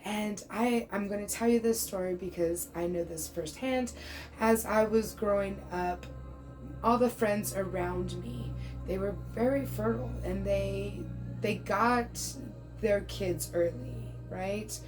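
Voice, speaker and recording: Music plays behind a woman in her thirties as she delivers a relaxed tarot reading at a slow pace in a medium-pitched voice. The recording is rough, and she keeps things chatty and comforting, often checking in and sometimes addressing the listener as "bro."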